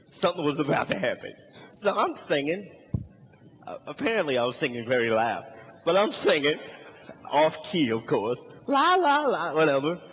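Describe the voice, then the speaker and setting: Animated man telling a story on stage. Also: normal speed, long pauses, husky, big-room sound, dull audio. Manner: animated, acts out voices in high shouts. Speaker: comedian. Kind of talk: stand-up storytelling. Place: large hall with live audience.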